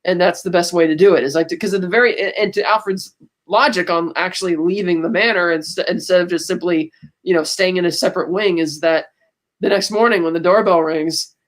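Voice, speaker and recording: A podcast co-host with a high-pitched, fairly even voice talks a little fast as he casually recaps movie scenes. He quotes the characters' lines, restarting often and laughing as he goes.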